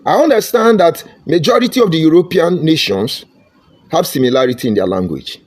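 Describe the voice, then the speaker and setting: A man's voice: a little high, expressive, brisk, a little mellow. A man with a Nigerian accent giving an impassioned, preachy monologue, repeating his points with emphasis. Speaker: online commentator.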